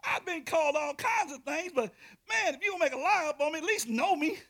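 A man preaching a sermon, telling a story with animated swings from shouting to whispering and calling out to the congregation. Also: very high-pitched, fast talker, creaky. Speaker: pastor.

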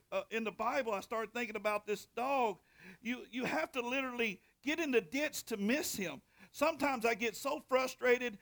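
Middle-aged man, high-pitched pastor; folksy sermon delivery with slow dramatic reading and loud hollers. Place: church sanctuary.

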